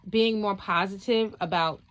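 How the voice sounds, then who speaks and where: A woman's voice: medium pitch, moderate pace. A woman hosting a spiritual vlog, telling a story from work in a rambling, casual way with lots of fillers and restarts. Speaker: spiritual channel host.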